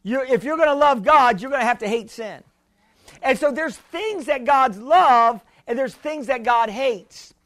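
A man's voice: very high-pitched, expressive, unhurried, fairly bright tone. A male pastor preaching a sermon, emphatic and repetitive, often calling out for an amen.

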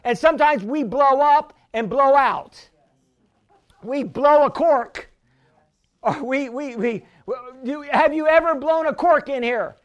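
In this healing sermon, a man with a very high voice preaches fervently, frequently shouting and prompting the congregation to respond. He takes his time, and the recording's highs are cut off.

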